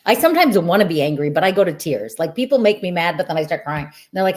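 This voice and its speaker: A woman's voice: deep voice, lively intonation, fast, few pauses, a little mellow. A woman who hosts a podcast and works as a coach, talking in an earnest, affirming and reflective way. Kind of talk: casual podcast conversation.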